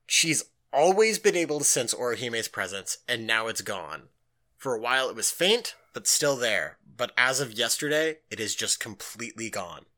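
A man's voice: medium pitch, normal speed. A man co-hosting a podcast, chatting casually and animatedly with lots of fillers as he recaps a story. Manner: animated, filler-heavy, acts out quotes. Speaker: podcast co-host.

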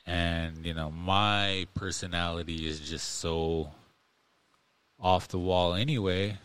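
A man's voice: low-pitched, steady tone, slow, fairly bright tone, clean tone. A man co-hosting a podcast in casual chat, rambling with lots of fillers and speaking in an earnest, encouraging way. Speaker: podcast co-host.

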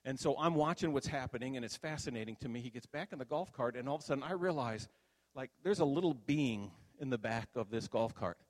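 An older man telling a playful, animated story as a sermon, acting out voices in the telling. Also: medium pitch, quick pace. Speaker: pastor. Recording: reverberant hall.

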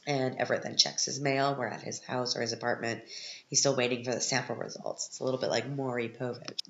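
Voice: mid-range voice, little pitch movement, fast, fairly bright tone, reverberant, highs cut off. A podcast host giving a casual, sarcastic recap of a film, sounding exasperated with it.

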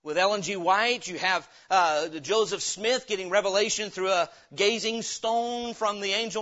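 A man preaching in a high, bright voice, pressing his points hard and tossing questions out to the congregation. The recording is dull and lo-fi, like an old church tape. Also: moderate pace, hardly any pauses. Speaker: pastor. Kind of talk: sermon, Bible teaching.

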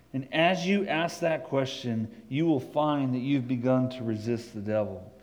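A man preaching a sermon, rising to emphatic peaks and dropping low and slow to read scripture. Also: darkish tone, a little hiss or hum, poor audio. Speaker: pastor.

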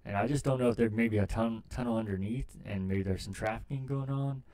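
A man's voice: mid-range voice, fairly quick, mellow, no echo, far from the mic. A man from the US Midwest, co-hosting a podcast, chatting casually in a rambling, profane storytelling way. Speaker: podcast co-host. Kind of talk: casual chat.

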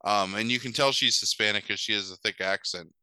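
Bright, crisp-voiced man chatting casually. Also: lowish voice, fairly quick, dry recording, rough recording. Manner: rambling, profane, full of fillers and asides. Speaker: podcast host recapping a film. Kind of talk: casual chat.

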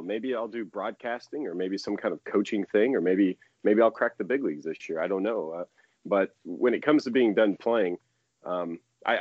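A chatty man in his thirties with a lowish voice talks in loose, rambling sentences and laughs easily. The sound is dry and close, with no room around it. The audio is a little dull and muffled, like a remote call. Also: breathy edge, no echo. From United States. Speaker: baseball pitcher, guest. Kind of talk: casual interview chat.

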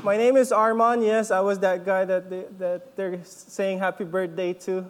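A man leading a church service, preaching in a relaxed, joking way and often checking in with the congregation. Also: high-pitched, moderate pace, clean tone, long reverb tail. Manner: chatty, laughs often, checks in with "okay?". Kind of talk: casual sermon with jokes. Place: church hall.

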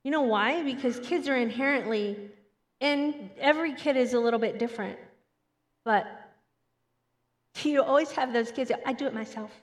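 A woman delivers a Sunday sermon in a high, bright-pitched voice, animated and quick to slip into the voices of children. Her words ring out with a long reverb, as if she is speaking in a large hall. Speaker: preacher. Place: church hall.

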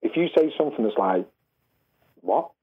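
Male ex-footballer guest, low husky voice, lively storyteller, phone-line audio. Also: fairly quick. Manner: animated, acts out quotes with rising pitch. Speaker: former footballer, podcast guest. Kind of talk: anecdotal storytelling.

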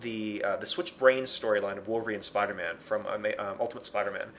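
A man's voice: fairly low pitch, steady tone, fast talker, a bit bright, a little hiss or hum. A man in a casual chat about comics, arguing his point at length and restarting his sentences as he goes. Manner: argumentative, talks in long runs with restarts. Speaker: podcast co-host discussing comics.

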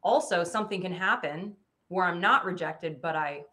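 A woman with a somewhat low voice, talking in a casual chat. She lays out her points in a measured way. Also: pushed and bright.

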